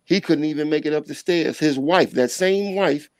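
A middle-aged man telling a personal story on a podcast in animated street slang, sometimes scatting sound effects. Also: a little high, moderate pace, no room sound. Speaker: podcast guest. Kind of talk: casual storytelling.

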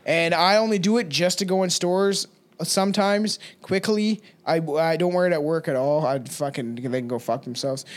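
A man with a high voice co-hosts a casual podcast. He rambles, swears constantly and drifts from story to story in loose conversation. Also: normal speed. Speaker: podcast co-host.

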